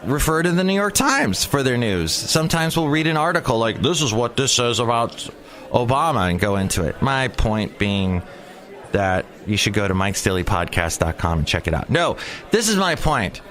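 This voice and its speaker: A man's voice: fairly low pitch, normal speed. A man hosting his own daily podcast, rambling through a comedic monologue with lots of restarts and asides. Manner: rambling, animated, self-interrupting. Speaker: podcast host. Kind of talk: comedic monologue with character voices.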